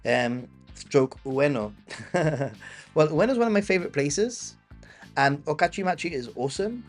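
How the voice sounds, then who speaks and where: A man's voice: fairly high pitch, big pitch swings, moderate pace, soft background music. A man with a Gibraltarian English accent hosting a live-stream travel Q&A, chatting casually and answering viewers off the cuff. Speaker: travel channel host.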